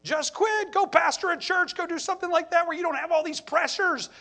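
A man's voice: extremely high pitch, a little fast, pushed and bright, pitched above the performer's own voice, full character voice. A man voicing a tempting male devil who whispers doubts, coaxing and insistent.

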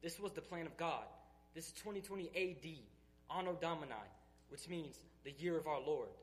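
A man's voice: fairly high pitch, normal speed, a little hiss or hum. A man giving an emotional church testimony, earnest and emphatic, sounding tearful. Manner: earnest, emphatic, building intensity.

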